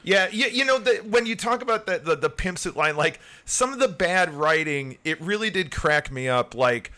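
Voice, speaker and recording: Movie podcast guy, bouncy pitch all over, laughs a lot. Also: normal speed. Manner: animated, laughs often. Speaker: podcast co-host. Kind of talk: casual film-review chat.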